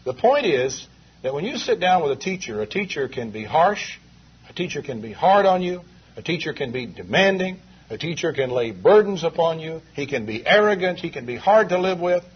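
A man's voice: a little high, very animated, normal speed, breathy edge. A male preacher delivering an emphatic sermon full of rhetorical questions, heard on a dull, lo-fi 1980s tape.

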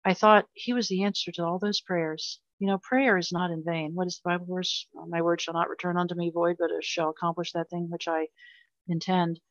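A woman's voice: fairly low pitch, fairly even intonation, fairly quick, dry recording, muffled recording. An older woman telling a painful personal story in an interview, earnest and emotional, often repeating herself. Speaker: guest.

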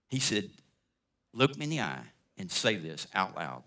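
Bright-voiced man telling a sermon story. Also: low-pitched, measured pace. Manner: animated storyteller, acts out dialogue. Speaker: guest speaker.

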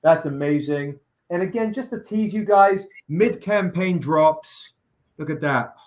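A man's voice: a little high, unhurried. A man hosting a live stream, chatting casually with fillers, jokes and the odd swear word. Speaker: livestream host running a crowdfunding campaign.

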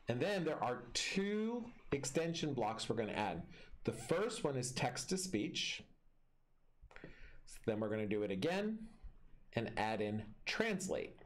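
A man teaching a class through a screen-recorded tutorial, explaining each step in a friendly way. His voice rises and falls a lot as he talks. A faint hiss sits under the recording. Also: medium pitch.

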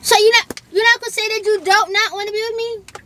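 A woman's voice: very high-pitched, steady tone, quick pace. A young woman, confronting her partner in a heated argument inside a car. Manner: confrontational, repeating demands. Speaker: vlogger in a prank video. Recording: noisy in-car phone recording.

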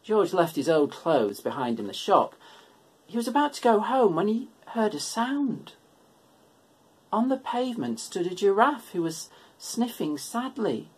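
A man reads a picture book aloud to children in a relaxed, gentle way. His voice is husky and unhurried, and his pitch rises and dips with lively expression. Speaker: children's worship leader.

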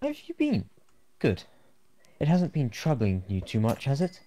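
Stressed, short-tempered game doctor, put on by a man, lively pitch, improvised. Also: normal speed. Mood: irritable. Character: irritable stressed male town doctor.

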